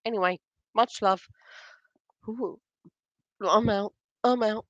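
A woman's voice: medium pitch, steady tone, takes it slowly, a bit bright, dry recording, lo-fi sound. A woman vlogger ranting casually, agitated and shaken, swearing heavily and stumbling over restarts. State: angry and shaken. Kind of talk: casual unscripted vlog rant.

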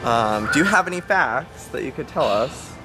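Animated and moderately paced, a young man chats casually for his vlog, cracking jokes, using lots of fillers, and slipping into squealy falsetto bits. His voice sits over a music bed.

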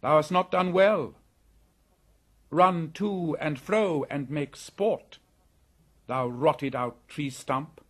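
A man voicing a fearless young jungle boy in an audiobook, raised and lively, proud and defiant. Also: fairly high pitch, slow pace, long pauses, voice pushed up. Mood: stern. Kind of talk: audiobook character voice.

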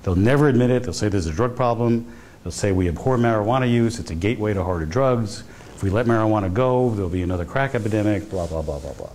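A man's voice: fairly low pitch, quick pace, darkish tone, slight background noise. A male professor giving a guest lecture in a university hall, telling stories in a conversational way, often restarting his sentences. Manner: conversational storytelling with frequent restarts.

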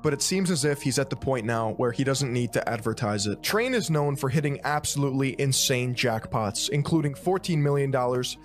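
Measured male video-essay narrator. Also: medium pitch, lively intonation. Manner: critical, measured delivery. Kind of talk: scripted narration. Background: faint music.

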